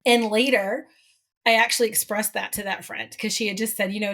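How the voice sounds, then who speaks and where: A woman's voice: mid-range voice, steady tone, a little fast, fairly bright tone. Middle-aged woman, podcast co-host, casual and candid, rambling asides. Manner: candid storyteller, chatty with many asides. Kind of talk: casual conversation.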